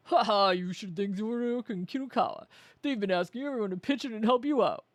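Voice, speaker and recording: A woman's voice: mid-range voice, fairly quick, dry recording, natural voice. A woman reading as a friendly strapping schoolboy. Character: friendly strapping teenage boy, karate student.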